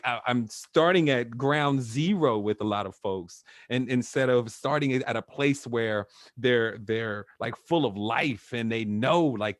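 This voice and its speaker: A man's voice: medium pitch, dry recording, studio quality. A man working as a coach who talks in a casual, chatty way, with filler words and frequent laughs, over a video call. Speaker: NLP trainer, guest.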